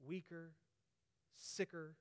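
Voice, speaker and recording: A male pastor preaching an emphatic sermon, often checking in with his listeners through quick tag questions. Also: fairly high pitch, flat delivery.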